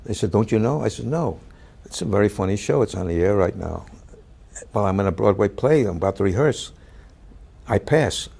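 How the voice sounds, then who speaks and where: An older man, an actor, telling a story about a past role in a halting way, full of fillers and restarts, now and then shouting out the lines he quotes. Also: on the low side, expressive, creaky, breathy edge. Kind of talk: anecdotal storytelling.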